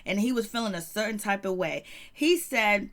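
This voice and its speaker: A woman's voice: mid-range voice, moderate pace, a bit bright. A woman giving casual, sassy celebrity gossip commentary, chatty and calling listeners "baby". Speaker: commentary vlogger.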